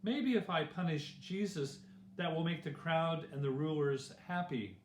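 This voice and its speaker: A man's voice: a little high, lively intonation, unhurried, a little hiss or hum. A man voicing an anxious, powerful Roman governor in a children's story, asking questions uneasily. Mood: uneasy. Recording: roomy echo.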